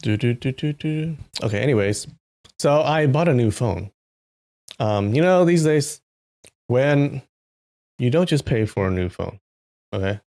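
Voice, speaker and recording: A man's voice: medium pitch, measured pace, long pauses. A man hosting a live stream, chatting casually with his viewers and greeting them by name. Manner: chatty, greets chat by name, animated asides. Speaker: live-stream host reading a novel.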